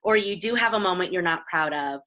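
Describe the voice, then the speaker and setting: Bright-voiced woman, encouraging counselor. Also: fairly low pitch, a little fast, rough recording. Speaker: host and counselor. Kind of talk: casual interview chat.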